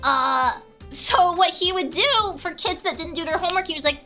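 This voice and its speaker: A woman's voice: extremely high pitch, normal speed, soft background music. A young woman streamer chatting casually and telling stories, laughing often. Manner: giggly, animated storytelling. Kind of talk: casual chat with chat.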